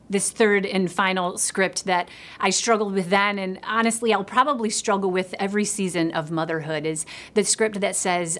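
A woman's voice: medium pitch, fairly even intonation, a little fast. Earnest woman preaching a sermon. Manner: earnest, drops to a soft hush for God's words.

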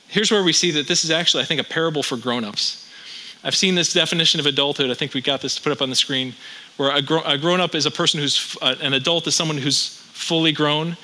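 A male pastor who sounds to be in his thirties preaches a sermon in a bright, ringing voice slightly high for a man, speaking fairly quickly. He shifts between plain teaching and wry humor, stacking rhetorical questions to keep listeners with him, and the audio is poor.

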